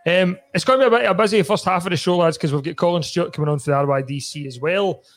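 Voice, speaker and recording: A man's voice: high-pitched, racing. A Scottish man hosting a casual football podcast, chatty, laughing often and swearing casually. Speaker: podcast host.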